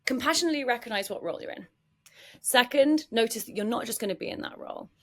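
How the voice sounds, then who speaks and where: Animated woman explaining calmly. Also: fairly high pitch, fast. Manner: animated, acts out quoted speech. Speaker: psychologist guest. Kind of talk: explanatory podcast conversation.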